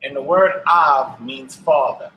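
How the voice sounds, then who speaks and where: A man's voice: mid-range voice, takes it slowly, sharp tone, reverberant, poor audio. A man teaching a language lesson to an online class, speaking patiently and repeating each word for his students. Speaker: Hebrew teacher. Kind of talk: slow classroom instruction.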